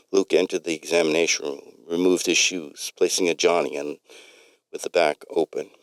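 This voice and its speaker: A man's voice: sits low, fairly even intonation, normal speed, dry recording. A man reading a story aloud in a plain way, with slips and restarts.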